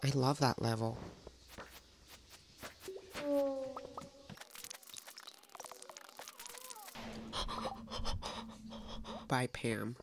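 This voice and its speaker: A woman's voice: a little high, huge pitch swings, very slow, long pauses, background noise. A woman hosting a casual let's-play video, chatty and playful, talking to the game's characters and to her viewers. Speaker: gaming video host.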